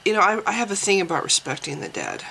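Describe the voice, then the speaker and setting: A woman vlogger talks through her thoughts in a relaxed, unscripted way, pausing and restarting often. Her voice has a bright, sharp edge with a gravelly fry. A faint hiss of noise sits behind her. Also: medium pitch, rough recording. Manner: hesitant, thinking aloud with many restarts and ums. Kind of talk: casual spoken commentary.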